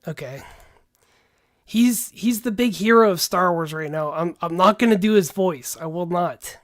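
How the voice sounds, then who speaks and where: A livestream host speaks in a high, unhurried voice. He's laid-back and rambling, calling people "dude" again and again.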